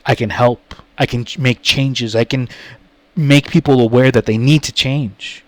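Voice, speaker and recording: A man vlogger telling a story to his viewers, blunt and profane, talking slowly and rambling. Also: medium pitch, steady tone, no room sound. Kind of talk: casual story time to camera.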